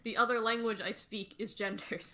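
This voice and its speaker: A woman's voice: on the high side, level tone, moderate pace, bright, forceful tone. A woman co-hosting a livestream, explaining songwriting casually with many fillers and restarts. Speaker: co-host songwriter.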